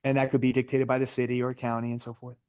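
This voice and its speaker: A man's voice: mid-range voice, monotone, fast, darkish tone, smooth, dry recording. A middle-aged man teaching a live real estate license class in a Florida classroom, chatty and jokey, often quizzing his students.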